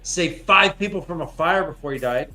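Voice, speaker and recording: An animated man hosts a casual book podcast, swearing freely and slipping into quick character voices. His voice sits a little high, with faint music playing behind him. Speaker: podcast host.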